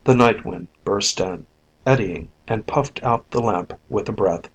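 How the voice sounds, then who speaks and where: Low, husky male audiobook narrator. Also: measured pace, poor audio. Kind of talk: scripted narration.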